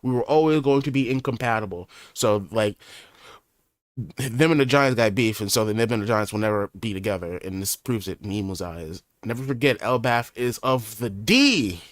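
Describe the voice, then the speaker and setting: A young man reading a manga chapter aloud in a flat mutter. He breaks off with slangy, profane asides as he reacts. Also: fairly low pitch, fairly quick, no echo, studio quality. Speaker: manga reaction channel host.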